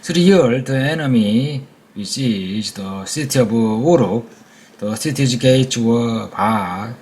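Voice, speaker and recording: A Korean man with a Korean accent, a native Korean speaker, reading an English textbook aloud for practice in a careful, halting way with hesitations and slips. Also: mid-range voice, a little mellow, breathy edge. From South Korea.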